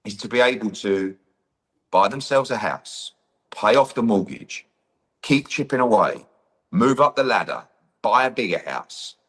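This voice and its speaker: A middle-aged man, a boxing promoter, telling a story in an interview and acting out the dialogue. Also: on the low side. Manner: animated, acts out quoted dialogue, says "blah, blah, blah".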